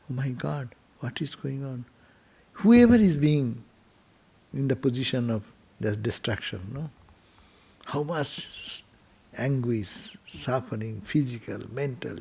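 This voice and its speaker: A man, a monk, giving a temple sermon, telling stories gently and asking his listeners rhetorical questions. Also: fairly high pitch, creaky, breathy edge. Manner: gentle storytelling, rhetorical questions, speaks softly.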